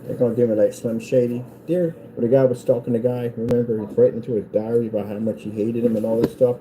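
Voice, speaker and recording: A man's voice: medium pitch, fairly even intonation, fast, noisy background. A man running a small business, talking casually in a rambling vlog from his workshop and taunting his critics. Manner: taunting, mocking haters in a sing-song voice.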